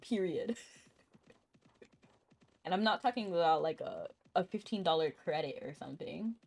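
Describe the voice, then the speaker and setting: A woman's voice: lowish voice, animated, normal speed, gravelly, a little mellow. A woman live-streaming a game, chatting casually and answering her chat, with a cough now and then.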